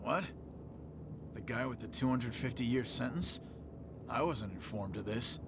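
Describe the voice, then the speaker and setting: Game guard: wary, unimpressed, unhurried, noisy scene behind. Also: male voice, medium pitch, animated, gravelly. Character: wary adult male prison guard.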